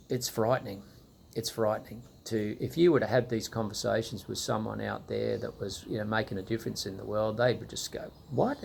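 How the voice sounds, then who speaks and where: A man's voice: medium pitch, creaky, slight background noise. A man, a church leader giving a casual, exasperated preaching talk and rambling with lots of "you know"s.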